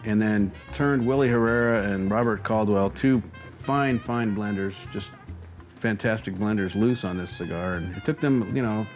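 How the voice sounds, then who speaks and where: A man's voice: lowish voice, moderate pace, soft background music, poor audio. A man co-hosting a cigar review show, talking in a casual, playful and teasing way. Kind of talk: casual chat.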